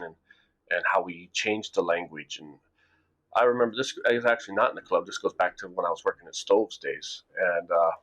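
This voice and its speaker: A middle-aged man from the United States, telling a rambling story to camera in a casual vlog, often repeating words as he goes. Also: deep voice. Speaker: vlogger. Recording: dull lo-fi recording.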